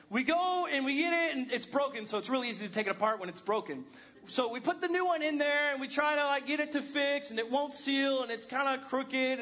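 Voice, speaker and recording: A man's voice: very high voice, sharp tone, highs cut off. A man in his thirties preaching a sermon, telling a funny home-repair story with self-deprecating humor. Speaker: pastor.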